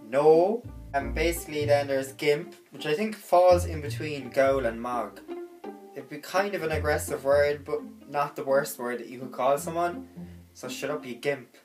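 A woman's voice: sits low, normal speed, music in the background. Chatty young Cork woman vlogging. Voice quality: chatty, filler-heavy with frequent "like". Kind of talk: casual slang lesson vlog.

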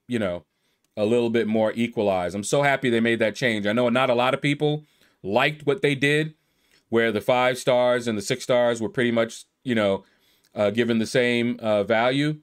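A gaming YouTuber with a medium-pitched voice gives relaxed, casual commentary while reading through a leaderboard, congratulating players and playing around with their names.

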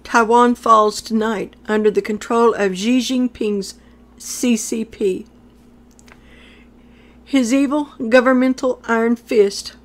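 A prophetic speaker, a woman, delivers a message in a solemn, declamatory manner, repeating phrases for emphasis. Her voice is on the high side, steady, and slow.

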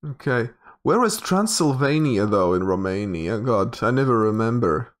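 A man's voice: medium pitch, very animated, normal speed. A young man giving casual commentary while he plays a geography guessing game, thinking aloud with hesitant, repeated words. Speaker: game streamer.

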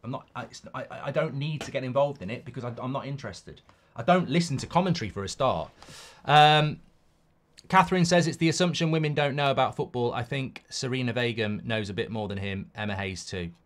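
A man's voice: medium pitch, brisk. A middle-aged man hosts a football watchalong live stream, chatting casually, reading out viewer comments and giving rambling, opinionated answers with many restarts.

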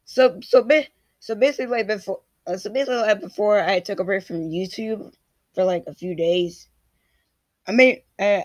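A man's voice: sits high, dull audio. A man casually vlogging an unboxing, rambling and restarting his sentences as he talks to himself, his voice cracking now and then. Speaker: YouTuber.

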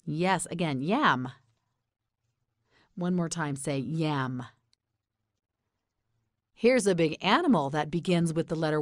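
An American pronunciation teacher guides beginners through a slow, clear, scripted lesson, her slightly low voice moving at a very deliberate pace. She pronounces every word carefully and slowly, then asks the listener to repeat it. The recording is close and dry, with no room sound.

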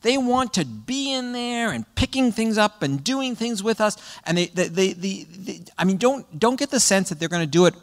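A man giving a public talk to parents, an animated storyteller who often checks in with "right?" and acts out what children say. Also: high voice, normal speed, hardly any pauses, big-room sound. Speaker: guest speaker. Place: presentation hall.

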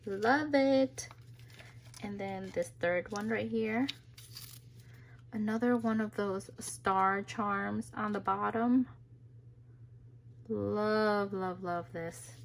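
A young adult woman unboxing craft mail in a vlog, gushing and exclaiming with excitement over each piece. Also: medium pitch, slow, creaky, pauses often, a little hiss or hum. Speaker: crafting vlogger.

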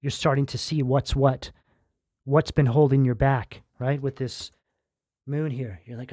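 A man doing a tarot reading in a loose, conversational way, often checking in with "right?" and filling pauses with "um". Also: medium pitch, fairly even intonation, darkish tone, dry recording, studio quality. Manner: conversational, keeps asking "right?", fillers. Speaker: tarot reader. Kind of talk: casual tarot reading monologue.

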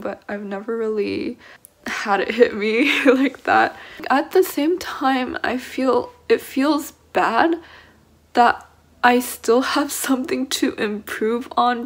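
A young woman in her late teens talks candidly to her vlog camera about her violin studies. Her voice sits a little high and has a gravelly fry running through it. She rambles and opens up emotionally, with nervous laughs slipping in. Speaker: violin student vlogger. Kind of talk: casual vlog talk to camera.

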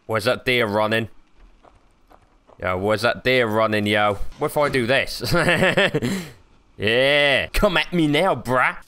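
A man's voice: mid-range voice, slow pace, clear, resonant tone. A young man commentating a horror game, swearing freely, joking, and yelping when startled. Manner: swearing, excitable, jokey, yelps when startled. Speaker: gaming YouTuber.

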